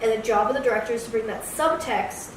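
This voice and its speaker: Quick and on the high side, her voice carries over background noise in an echoey room, picked up by a far-off mic. As co-host of a movie review podcast, she keeps the chat casual but blunt and opinionated, animated by mock voices.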